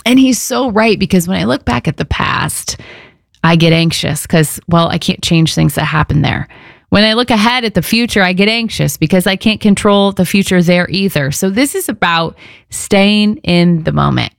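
A woman's voice: on the low side, moderate pace, vocal fry, no echo, clean studio sound. A woman radio host giving a casual, upbeat devotional talk. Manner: chatty, upbeat, conversational.

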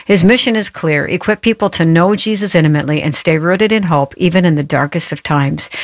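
A woman's voice: fairly low pitch, dry recording, studio quality. A woman hosting a Christian talk show, introducing her guest and encouraging him with frequent affirmations. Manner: warm, affirming, interjects encouragement. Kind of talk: radio-style faith interview.

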